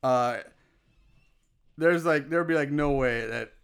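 A man co-hosting a casual chat, excitable and swearing freely as he reacts. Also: medium pitch, slow pace, clear, resonant tone. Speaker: podcast co-host.

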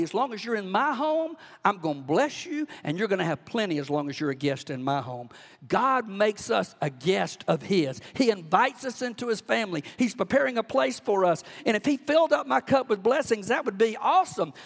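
Man, Southern US accent, preacher, folksy and fervent, raised pitch, gravelly, church reverb. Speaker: pastor. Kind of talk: sermon. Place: church sanctuary. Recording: long church hall reverb.

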